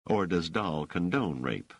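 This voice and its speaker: A man's voice: deep voice, animated, measured pace, husky, no echo, pitched above the performer's own voice, heavily acted. A man voicing an indignant scholar who answers accusations firmly, hotly and grimly. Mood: defiant. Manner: firm, hot and grim. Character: indignant male scholar under questioning.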